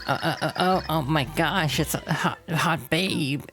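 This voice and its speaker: A woman's voice: low voice, a little slow, fairly bright tone, pitched above the performer's own voice. A woman voicing a nerdy, lovestruck male chameleon lord who stammers and gets flustered, with game music behind.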